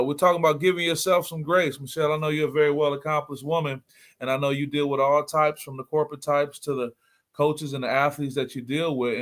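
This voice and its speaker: A man's voice: fairly high pitch, a bit bright. A middle-aged man hosting a motivational livestream, speaking earnestly and repeating key points for emphasis. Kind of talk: motivational talk.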